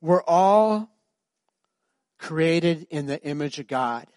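Male pastor, sermon; fairly high voice, dry sound, storytelling that swells to loud emphasis. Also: expressive, takes it slowly, dry recording.

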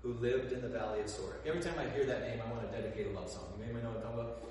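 A man preaching a sermon, telling the story in an animated way and acting out the characters. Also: mid-range voice, rapid-fire, slight background noise. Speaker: pastor. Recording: echoey hall, voice from far off.

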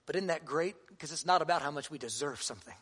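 High-voiced male pastor preaching. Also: animated, fast talker, a bit bright, husky. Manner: earnest, conversational preaching with humor. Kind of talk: sermon.

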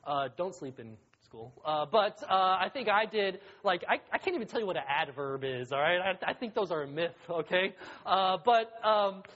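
A young adult man preaching as a youth pastor in a casual, joking, conversational sermon that rises to excited emphasis. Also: high-pitched, normal speed. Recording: dull lo-fi recording.

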